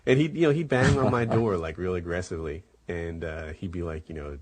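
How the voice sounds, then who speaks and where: Host type: middle-aged man, very low husky voice, loose rambling storyteller. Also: a little fast, a little mellow. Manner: rambling, many fillers, acts out quotes. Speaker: podcast host. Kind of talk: casual storytelling chat.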